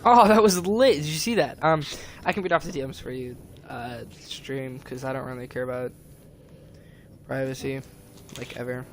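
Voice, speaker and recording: A man's voice: medium pitch, moderate pace, a little hiss or hum. A young man streaming, rambling and agitated as he retells a falling-out, with lots of fillers and restarts. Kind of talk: casual stream chat, retelling a conversation.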